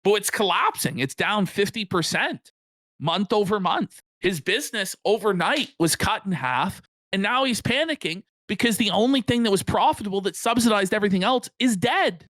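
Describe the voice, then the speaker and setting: A man's voice: high voice, normal speed, no echo. A man co-hosting a live stream, mocking and ranting at length in sarcastic commentary. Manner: mocking, animated, rants at length. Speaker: co-host.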